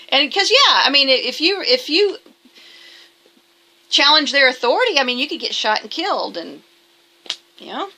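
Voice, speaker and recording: A woman's voice: medium pitch, pushed and bright. A woman talking casually to camera in a vlog, emphatic and defensive, rambling with restarts. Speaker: vlogger.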